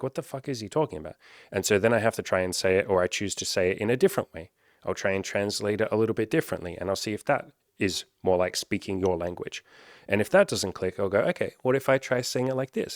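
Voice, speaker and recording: A man's voice: fairly low pitch, no room sound, studio quality. A man, a self-help coach talking to his audience in a rambling, earnest monologue that is peppered with casual swearing.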